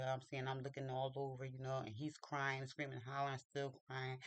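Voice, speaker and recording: A man telling a personal story in a casual, animated and chatty way, acting out what people said. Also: medium pitch, a little fast, hardly any pauses, dry recording. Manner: animated, chatty, acts out quotes. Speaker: vlogger.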